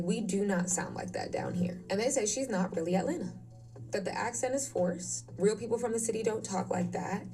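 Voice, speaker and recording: A woman reading a scripted video essay narration in a measured, explanatory way. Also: mid-range voice, dark tone, breathy edge. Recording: distant playback through stream.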